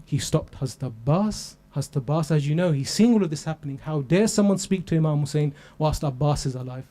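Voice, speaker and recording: High-voiced man preaching with passion. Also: animated, fairly quick, dark tone. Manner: impassioned, building to a lamenting cry. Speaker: lecturer. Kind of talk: emotional religious sermon narration.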